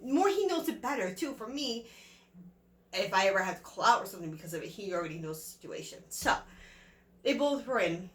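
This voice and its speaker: Young woman, casual vlog storyteller, bright voice, rambling with lots of fillers, roomy echo. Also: mid-range voice. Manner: chatty, rambling, many fillers and retold dialogue. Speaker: vlogger. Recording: echoey room.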